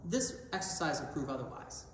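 Encouraging choir director in an echoey hall. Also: male voice, fairly high pitch, animated, brisk, slight background noise. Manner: upbeat, encouraging teacher who demonstrates exercises. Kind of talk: vocal lesson video. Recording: echoey hall, voice from far off with faint music.

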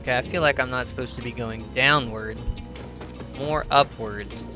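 A man giving excitable gameplay commentary, swearing and breaking into sudden yells. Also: mid-range voice, moderate pace, music in the background. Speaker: gamer.

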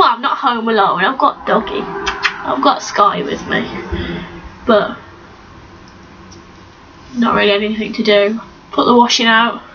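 A woman's voice: a little high, bright, forceful tone. A young woman, rambling casually in a home vlog and talking to her dog. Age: young adult. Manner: rambling, chatty, baby-talks to her dog. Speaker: vlogger. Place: at home, indoors. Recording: lo-fi, distant camera mic with faint room noise.

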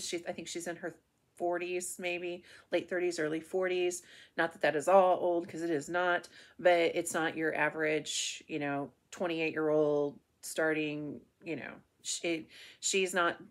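A woman from the Ozarks chatting casually through her monthly book reviews, rambling with frequent restarts and fillers. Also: on the low side. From Ozarks region of the United States.

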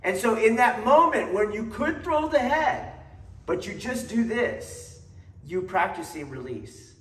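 A male aikido instructor talks informally to his class in a blunt, profane way. He keeps asking whether they see his point. His fairly high voice sounds echoey and far from the mic in a training hall. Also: big pitch swings, measured pace, fairly bright tone. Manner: checks in constantly with "do you see?". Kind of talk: informal talk to students. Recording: roomy echo, distant mic.

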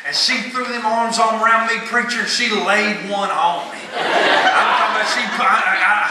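A man's voice: high voice, moderate pace. A man preaching a folksy storytelling sermon at a revival, acting out the people in his story. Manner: folksy, animated, acts out quoted voices. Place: large church sanctuary. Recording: echoey church, distant mic, noisy.

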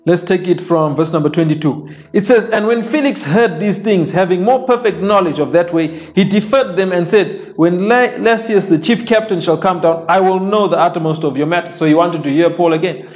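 A man's voice: high voice, fairly quick, few pauses. A man preaching a sermon, reading scripture aloud and explaining it plainly, repeating phrases for emphasis. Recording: soft worship music underneath.

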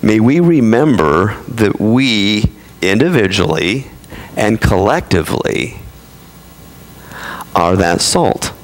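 A man's voice: on the low side, big pitch swings, slow pace. A man preaching a sermon in a conversational way, with playful asides to his congregation. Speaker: pastor.

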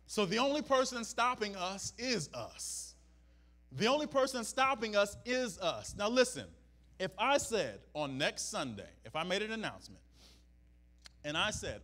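A man's voice: high-pitched, sing-song, unhurried, bright, forceful tone. A male pastor preaching a sermon, repeating his points for emphasis and checking in with the congregation. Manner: preaching with emphatic repetition and "Amen?" asides to the congregation.

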